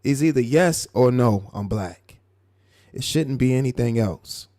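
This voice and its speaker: A man hosting a live stream, commenting on a clip in a mocking, animated way. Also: medium pitch, dry recording, clean studio sound. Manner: mocking, animated, drawn-out asides. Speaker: live show host.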